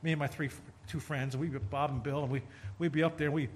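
A middle-aged male preacher delivering a sermon, telling stories with sudden loud emphasis and bursts of laughter. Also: on the high side, steady tone, fast talker, slight background noise.

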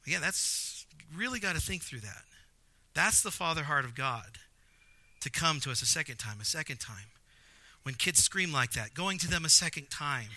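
A man preaching a sermon, animated, with jokey asides and emphatic repetition. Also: fairly high pitch, normal speed, dry recording. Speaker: pastor.

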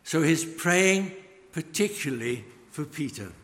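Slow, emphatic preacher in echoing church. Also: male voice, a little high, very animated, a bit bright. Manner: slow, emphatic preaching with dropping phrase ends. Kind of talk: sermon. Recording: long church reverb.

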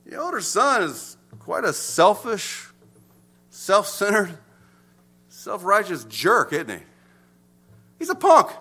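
A man preaching a sermon, swinging from emphatic to hushed as he explains. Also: high-pitched, very animated, takes it slowly, pauses often, husky. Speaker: pastor.

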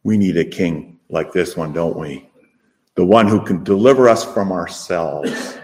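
A man's voice: sits low, a little slow. Emphatic man preaching a sermon. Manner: emphatic, rhetorical questions, animated swings in loudness.

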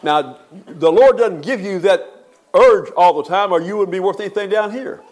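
An older pastor preaching a funeral sermon in a high voice. He talks in a folksy way and rises to emphatic, stretched-out peaks. His delivery is homespun and heartfelt. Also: normal speed, a little mellow, slight background noise.

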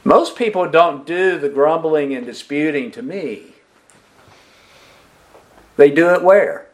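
A pastor preaching a sermon, asking the congregation questions and repeating their answers back. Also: male voice, fairly high pitch, takes it slowly. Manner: emphatic preaching with lively rises and drops.

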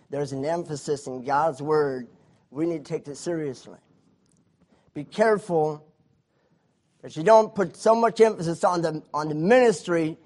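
A man preaching a sermon, his voice swelling loudly on key points and dropping low between them. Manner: preaching with surges of volume and drawn-out emphasis. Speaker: pastor.

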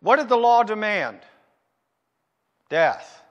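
A man preaching a sermon as pastor, asking rhetorical questions and answering them himself, slowing down to stress his points. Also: high-pitched, very animated, long reverb tail, highs cut off. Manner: emphatic, slows down to stress points.

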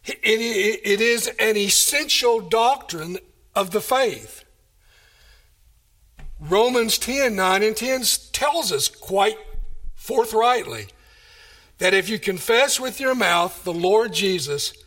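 A man's voice: high-pitched, expressive, takes it slowly, fairly bright tone. A man preaching a sermon, emphatic and full of rhetorical questions. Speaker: pastor.

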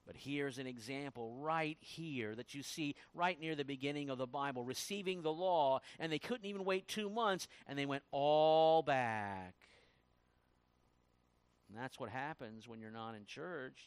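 Male pastor, higher voice, highly animated sermon delivery, loud peaks and murmured asides, dry close mic. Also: no echo. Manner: dynamic preaching, swinging from loud emphasis to hushed asides.

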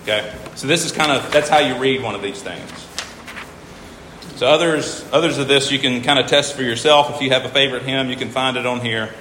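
A man's voice: mid-range voice, fairly quick, pushed and bright. Male teacher, informal lecture, patient and repetitive, roomy hall with faint hum. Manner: patient, stops to count syllables aloud and repeats himself. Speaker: teacher explaining hymn meters.

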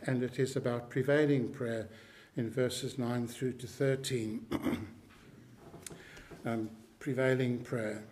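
A man preaching a sermon, slow and emphatic, repeating key phrases and clearing his throat now and then. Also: mid-range voice, darkish tone, a little hiss or hum.

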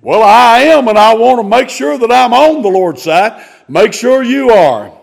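A man delivers a sermon in a high, gravelly voice. He speaks slowly and emphatically, and his pitch swings widely as he preaches. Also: animated. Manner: emphatic, drawn-out preaching with sudden rises in pitch.

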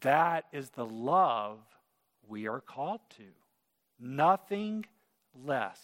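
A man's voice: medium pitch, sing-song, slow, fairly bright tone. A man preaching a sermon in an auditorium, earnest and conversational. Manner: earnest, conversational, with acted quotes. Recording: reverberant hall.

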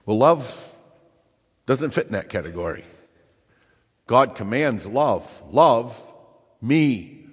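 A man preaching a sermon, emphatic, repeating key phrases and slowing down to stress them. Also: medium pitch, expressive, slightly rough. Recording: long reverb in a large hall.

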